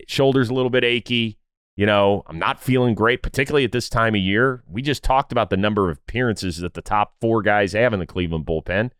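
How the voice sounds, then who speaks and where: A man guesting on a podcast, talking casually and acting out what others said in lowered voices. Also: clear, resonant tone, no room sound, studio quality. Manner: animated storyteller, acts out quotes in lowered voices. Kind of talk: casual conversation.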